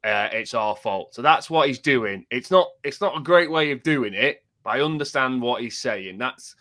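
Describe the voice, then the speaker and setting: A man on a football podcast, calm and measured, explaining a point step by step. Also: mid-range voice. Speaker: podcast co-host. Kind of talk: casual football chat.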